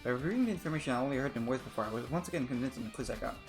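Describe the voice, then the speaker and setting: Male let's player: quick, flat-out dialogue reading at a middle pitch, with blunt remarks thrown in. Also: over music. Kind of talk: reading game dialogue aloud.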